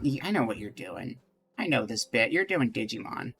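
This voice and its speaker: Bright-voiced man streaming a game. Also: mid-range voice, big pitch swings, fairly quick, gravelly, husky, faint music behind. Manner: chatty, reads game text aloud, talks to chat. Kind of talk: casual live game commentary.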